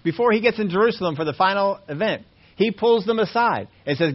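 Man, pastor, sermon, fairly high voice, hushed to emphatic, dull lo-fi sound. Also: animated, fairly quick. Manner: preaching, swinging between hushed low tones and raised emphatic lines.

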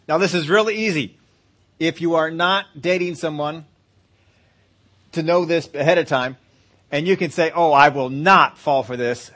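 A man preaching a sermon. He talks conversationally, laughs easily and acts out little scenes. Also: on the high side. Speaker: pastor.

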